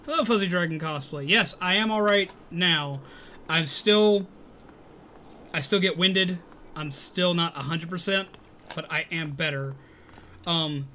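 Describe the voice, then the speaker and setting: Bright-voiced man chatting on a live stream. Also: on the high side, slight background noise. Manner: rambling, many fillers, laughs easily, greets viewers loudly. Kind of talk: casual live-stream chat, reading and answering viewers.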